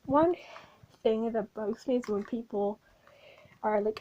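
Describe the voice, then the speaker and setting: High-voiced woman recapping casually. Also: animated, takes it slowly, mellow, slight background noise, rough recording. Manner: rambling, informal, swears, many fillers. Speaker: video creator. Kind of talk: casual plot recap over a speedpaint.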